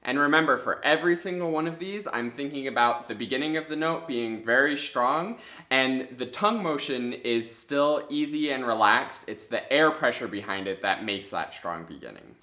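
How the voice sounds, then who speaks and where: A man teaching music in an instructional video, explaining step by step in a clear, methodical way. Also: medium pitch, lively intonation, normal speed, pushed and bright. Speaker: clarinet teacher. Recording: echoey room.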